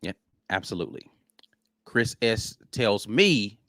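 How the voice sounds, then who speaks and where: A man in his thirties co-hosting a casual sports chat show, animated and telling stories with acted-out quotes. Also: lowish voice, moderate pace, dry recording, studio quality. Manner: animated storyteller, acts out calming quotes. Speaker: co-host.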